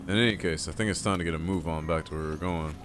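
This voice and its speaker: A man casually commenting while he plays a video game and chats with his viewers, a bit stuffy-nosed, with sudden loud excited outbursts. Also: low-pitched, noisy background. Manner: chatty, talks to chat, loud excited outbursts. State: stuffy nose. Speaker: game streamer. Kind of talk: casual let's-play commentary.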